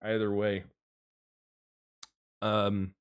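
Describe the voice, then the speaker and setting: A man's voice: lowish voice, completely flat delivery, extremely slow, clean tone. A man narrating as game master, rambling and self-mocking with many fillers. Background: pirate music.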